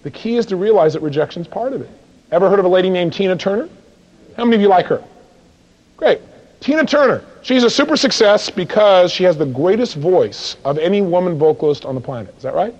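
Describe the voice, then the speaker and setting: A man's voice: high-pitched, animated, fast talker, a little mellow. A man giving a live motivational seminar who acts out little dialogues and fires rhetorical questions at the audience. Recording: dull lo-fi recording.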